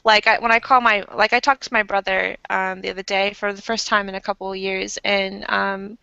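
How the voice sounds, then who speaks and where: Bright gravelly American woman, slight Australian tinge. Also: mid-range voice, brisk, dry recording, lo-fi sound. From United States. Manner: laughs easily, relaxed. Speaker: book chat co-host. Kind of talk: casual video chat. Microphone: video call.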